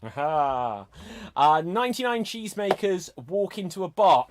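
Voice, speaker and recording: A man hosting an online improv game, animated, laughing often and calling on players. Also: high voice, a little slow, a little hiss or hum. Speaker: improv host.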